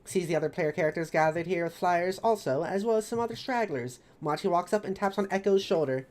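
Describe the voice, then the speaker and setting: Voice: mid-range voice, brisk, darkish tone. A streamer reading a story recap of a tabletop campaign, chatty and rambling. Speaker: streamer narrating campaign lore.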